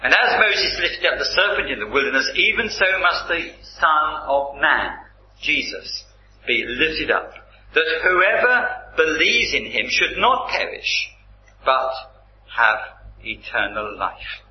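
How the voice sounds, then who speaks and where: A man preaching a sermon, slow and deliberate, reading scripture aloud with strong emphasis. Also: a little high, sing-song, a little hiss or hum. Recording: roomy, slightly dull recording.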